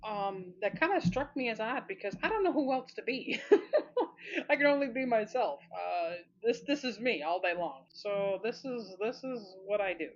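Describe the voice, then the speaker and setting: A woman's voice: medium pitch, lively intonation, normal speed, hardly any pauses. A woman chatting casually and thinking aloud as she sketches, encouraging herself through mistakes. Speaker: art channel creator. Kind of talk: casual drawing commentary. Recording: slightly muffled with faint hiss.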